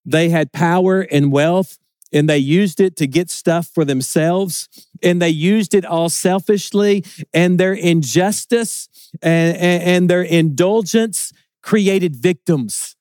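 A man with a fairly high voice preaches a sermon, earnest and emphatic, with stumbling repeats as he builds a point. The sound is dry and close, with no room echo. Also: slow, a little mellow.

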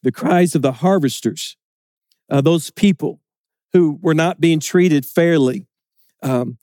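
A man's voice: fairly high pitch, slow pace, darkish tone, dry recording, studio quality. A man preaching a sermon in an earnest way, often repeating words as he builds emphasis.

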